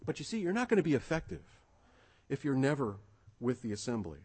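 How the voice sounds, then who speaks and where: A male pastor delivering a sermon with a slightly husky voice. His pitch rises and falls a lot as he exhorts, and he repeats key phrases to drive them home. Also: sing-song, brisk, a little mellow.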